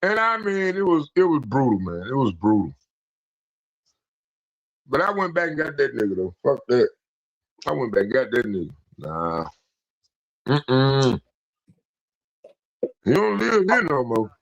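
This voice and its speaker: A man calling in, telling a story casually with profanity and acting out quotes in an animated way. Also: medium pitch, unhurried, pauses often, dull audio. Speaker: caller.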